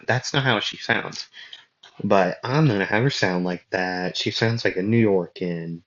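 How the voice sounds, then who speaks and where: A man's voice: on the low side, a little slow, fairly bright tone, lo-fi sound. A young man casually narrating a fan story, rambling with fillers and self-deprecating asides.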